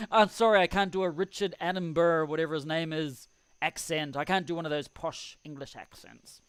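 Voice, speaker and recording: New man, fairly high voice, dry close mic, rambling live-stream host who chuckles at himself. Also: fairly even intonation, brisk, clear, resonant tone, no room sound. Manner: rambling, chuckling, self-deprecating. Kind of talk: casual live-stream chat. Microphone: desk microphone.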